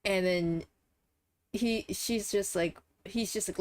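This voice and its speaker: A woman's voice: medium pitch, takes it slowly. A tired young woman with a congested, nasal voice, rambling casually through a recap with lots of fillers and swearing.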